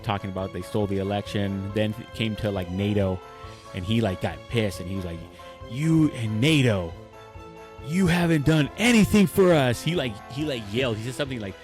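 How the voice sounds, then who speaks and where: A man co-hosting a podcast, chatting casually and telling stories animatedly, acting out quoted lines and laughing often. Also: lowish voice. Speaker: podcast co-host. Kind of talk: casual chat.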